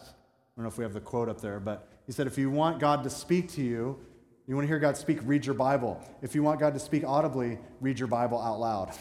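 Conversational pastor in an echoey church. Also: male voice, mid-range voice, a little mellow. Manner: conversational preaching with asides to the congregation. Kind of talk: sermon. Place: church sanctuary. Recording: echoey hall with long reverb.

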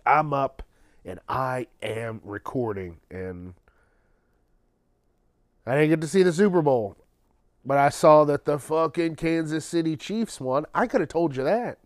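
Tired male podcast host, slow and profane, sarcastic solo rant, dry close mic. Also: on the high side, no echo. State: tired, late at night. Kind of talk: casual solo monologue.

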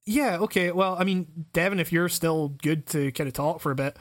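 Guy hosting a podcast, kinda high voice, swears a lot, trips over his words. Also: moderate pace. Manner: swearing, stammering restarts, laughing often. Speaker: podcast host. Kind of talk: casual chat.

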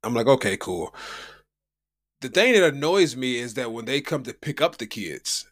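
A man's voice: medium pitch, sing-song, normal speed, a bit bright. A man from the United States, co-hosting a podcast from home, telling a story in a rambling, slangy, casual way. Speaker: podcast co-host. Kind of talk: casual chat.

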